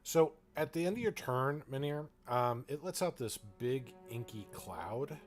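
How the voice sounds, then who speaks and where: A man running a tabletop game as game master, narrating with many pauses and fillers. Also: mid-range voice, lively intonation, soft background music.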